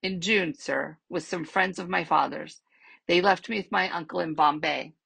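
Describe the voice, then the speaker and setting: A woman's voice: fairly low pitch, moderate pace, gravelly, a bit bright, slightly rough, dry recording, heavily acted. Polite, eager teenage boy, read by a woman. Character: polite, proud red-haired teenage boy.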